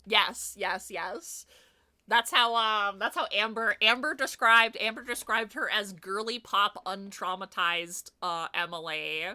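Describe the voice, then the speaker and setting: A woman's voice: medium pitch, fairly even intonation, a little slow. A woman streaming a game, chatting casually, laughing and swearing as she goes. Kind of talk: casual let's-play commentary. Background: loud game music.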